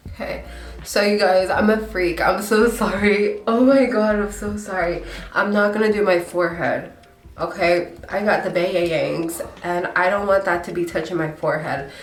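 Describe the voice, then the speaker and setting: A woman's voice: medium pitch, fairly even intonation, normal speed, echoey room, recorded from a distance. A congested young woman with a stuffy nose, chatting and apologizing her way through a casual get-ready-with-me vlog at home. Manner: chatty, self-deprecating, apologetic. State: breathing hard. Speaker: beauty vlogger.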